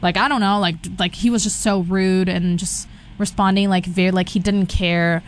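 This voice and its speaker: A young woman from Brazil, talking as a guest in a casual chat, restarting sentences and filling pauses with "like" and "um". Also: on the low side, steady tone, a little hiss or hum. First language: Portuguese. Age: young adult. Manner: chatty, restarts often with many fillers.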